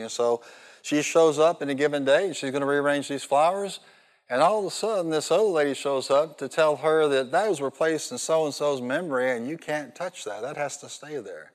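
A man preaching a sermon, telling lively stories and calling on the congregation to repeat lines back to him. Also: on the high side, brisk. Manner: animated storytelling with call-and-response. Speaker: pastor. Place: large church hall. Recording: long reverb of a large hall.

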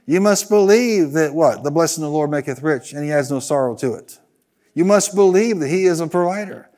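A man's voice: fairly high pitch, expressive, a little fast, mellow. A man preaching a sermon as pastor, driving his points with repeated phrases and leading the congregation in call-and-response.

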